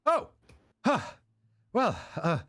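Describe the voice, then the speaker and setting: A man's voice: sits high, wildly swooping pitch, very slow, bright, forceful tone, husky, pitched above the performer's own voice, full character voice. A man voicing an eager, fumbling traveling merchant in a tabletop game, with hesitant sales patter full of ums. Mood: chirpy.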